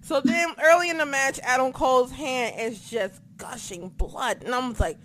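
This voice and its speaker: A woman co-hosting a casual wrestling recap from home, talking in an excitable, profane, animated way. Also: high-pitched, moderate pace. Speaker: podcast co-host recapping wrestling. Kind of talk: casual chat. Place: home apartment.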